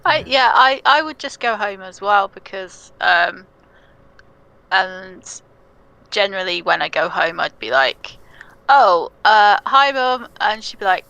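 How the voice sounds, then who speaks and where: A woman playing a tabletop game, describing her character in a hesitant way with many pauses and ums. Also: medium pitch, expressive, vocal fry, pushed and bright, no room sound, lo-fi sound. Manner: hesitant, lots of ums and restarts. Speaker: player.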